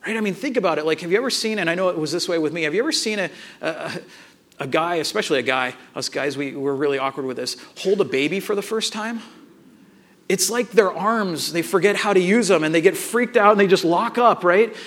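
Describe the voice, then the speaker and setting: A man in his thirties, a pastor giving a conversational sermon with tag questions and lively storytelling. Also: sits high, fairly quick.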